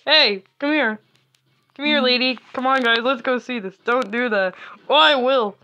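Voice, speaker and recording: A woman's voice: sits high, normal speed, bright, forceful tone, dull audio, a little hiss or hum. A young woman giving casual gameplay commentary, playful and mischievous, often giggling as she talks. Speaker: gamer.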